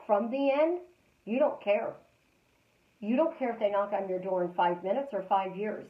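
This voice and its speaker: A woman hosting a live stream as a life coach, talking casually and repeating calm affirmations in a chatty, storytelling way. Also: medium pitch, moderate pace, echoey room, narrow, tinny audio.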